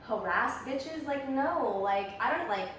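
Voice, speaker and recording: Frank, halting young woman, echoey room. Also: on the high side, expressive, fairly bright tone, slight background noise. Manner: frank, profane, halting with fillers. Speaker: podcast co-host. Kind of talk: casual chat. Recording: echoey room, mic far off.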